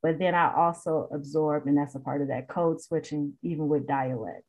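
Low-voiced woman, laughing and animated. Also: normal speed. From Chicago. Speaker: podcast guest. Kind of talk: casual conversation.

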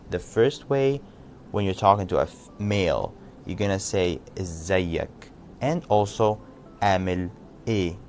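A man with an Egyptian accent giving a casual podcast language lesson, loosely chatting and repeating phrases slowly for learners. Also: on the low side, darkish tone, a little hiss or hum. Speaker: language teacher.

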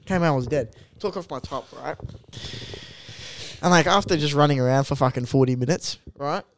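A man's voice: on the high side, fairly quick, no echo. Heard on a dry, close mic, this young man talks in a slightly raised register. He rambles through stories with his mates and swears freely. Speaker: podcast co-host. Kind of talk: casual chat.

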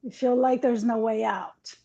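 A woman co-hosting a casual podcast chat, animated and quick to laugh. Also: on the high side, gravelly. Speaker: podcast co-host. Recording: dull lo-fi audio.

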